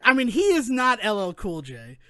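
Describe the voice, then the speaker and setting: A man co-hosting a podcast, chatting casually in an animated, rambling way that keeps interrupting itself. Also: high-pitched, normal speed, no echo, studio quality. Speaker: podcast co-host. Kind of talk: casual chat.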